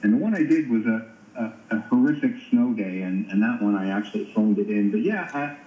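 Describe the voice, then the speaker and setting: A man's voice: fairly low pitch, expressive, brisk. Male phone-in contributor, explanatory, lo-fi line. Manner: explanatory, repeats words while thinking. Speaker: beer news contributor. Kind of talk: casual radio chat. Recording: dull phone-line sound, roomy.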